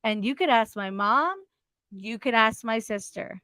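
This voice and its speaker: Young woman guest, smooth clear voice, dry close sound, blunt and profane storyteller. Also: fairly high pitch, lively intonation, unhurried, pushed and bright, dry recording. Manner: blunt, swears freely, acts out quotes. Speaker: guest telling her story. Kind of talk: casual interview chat.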